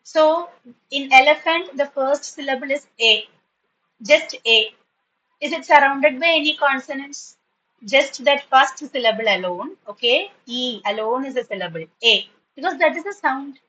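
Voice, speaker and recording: A woman teaching spoken to school students in an online class, patiently repeating words slowly to model their pronunciation. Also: sits high, animated, fairly bright tone, lo-fi sound, a little hiss or hum.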